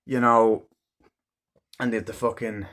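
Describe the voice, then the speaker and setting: Low-voiced man for a loose, sweary film review that wanders from scene to scene with plenty of fillers. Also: level tone, slow pace, a bit bright. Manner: rambling and heavily profane; loosely retells scenes with frequent "like" and "um". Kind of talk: casual movie review.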